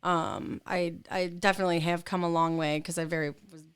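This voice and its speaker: Woman in her late 20s, guest who tells lively stories with acted-out quotes. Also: on the low side, fairly quick, clear, resonant tone. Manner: animated, acts out quoted dialogue with laughs. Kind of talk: casual interview chat.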